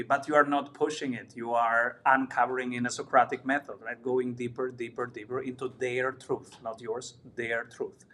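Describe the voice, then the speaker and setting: A man's voice: medium pitch, a bit bright. A man from Italy hosting a podcast interview, talking with enthusiastic, emphatic repetition. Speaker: podcast host. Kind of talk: casual interview chat.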